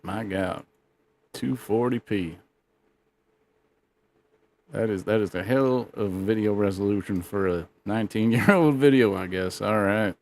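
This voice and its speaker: A man with a fairly low voice delivers sarcastic running commentary over video clips. He puts on a folksy, mock-patriotic drawl, throwing in "brother" and "God dang" for effect. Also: a little slow, gravelly, pauses often, darkish tone. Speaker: co-host reacting to clips.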